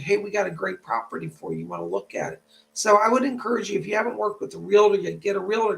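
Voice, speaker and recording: A man's voice: high voice, creaky, poor audio. A man working as a psychic medium, hosting a live stream. He chats with viewers, thanks them for donations and passes on spirit messages in a reassuring tone.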